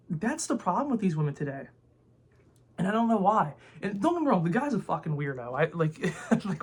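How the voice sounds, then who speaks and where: A young man ranting to camera in a rambling, heated way, full of filler words and swearing. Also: a little high. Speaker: vlogger. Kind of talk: casual opinion rant to camera.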